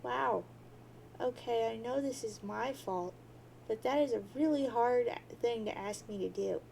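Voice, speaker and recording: A woman voicing a patient, guilt-ridden teenage girl who hushes and soothes. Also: on the high side, unhurried, vocal fry, slight background noise, low-quality recording. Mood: soothing. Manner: soothing, hushing.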